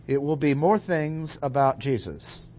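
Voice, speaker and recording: Man teaching scripture, measured and emphatic. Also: a little high, lively intonation, darkish tone, a little hiss or hum. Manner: measured, explanatory, stresses key words. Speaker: Bible teacher. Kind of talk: expository Bible lecture.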